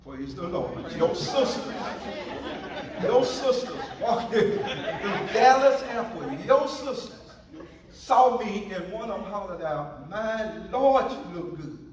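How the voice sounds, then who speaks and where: A male pastor delivers a sermon with unhurried, drawn-out phrasing and a playful, teasing touch. His voice rings through a very echoey church hall. He sounds set back from the microphone. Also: sits high, sing-song, far from the mic, some chatter behind. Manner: playful, joking with the congregation.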